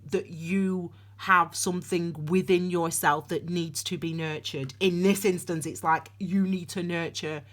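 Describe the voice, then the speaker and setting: A woman gives a loose, talkative tarot reading in a lowish voice with fairly even intonation, keeping a measured pace and hardly any pauses. She rambles, restarting frequently and adding voiced asides.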